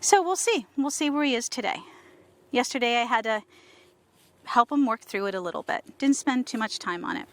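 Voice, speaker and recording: A woman horse trainer talking casually to viewers while working a horse, coaxing it with soft praise and explaining with enthusiasm. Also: a little high, lively intonation, fairly quick. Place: outdoors with a horse.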